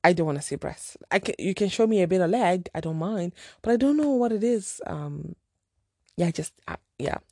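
Chatty female vlogger from Zimbabwe, warm low voice, dry close sound, rambling and frank. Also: expressive, moderate pace, no echo. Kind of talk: casual storytime chat.

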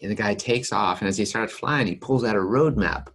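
A man's voice: on the low side, fairly quick, breathy edge. A man chatting casually and telling stories, often laughing. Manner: laughs often, relaxed storytelling. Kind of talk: casual chat.

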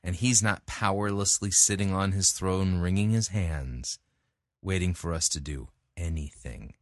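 A man's voice: sits low, measured pace, dry recording, clean studio sound. A man hosting a sermon review, talking casually and bluntly with frequent fillers. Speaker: host. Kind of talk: commentary.

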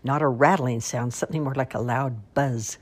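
A woman's voice: a bass voice, fairly even intonation, normal speed. A woman voicing a spry elderly great-aunt telling a tall tale in a folksy, emphatic way. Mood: dramatic.

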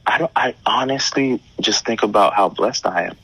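Man, very low voice, calm, reflective, casual slang, dry close sound. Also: normal speed, husky, no room sound, rough recording. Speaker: guest. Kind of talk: casual conversation.

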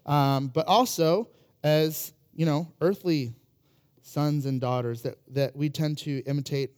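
A man's voice: fairly high pitch, fairly even intonation, unhurried, a little mellow. A man preaching a casual sermon, telling humorous family stories in a conversational way, full of fillers and restarts. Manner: humorous, self-deprecating anecdotes. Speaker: pastor.

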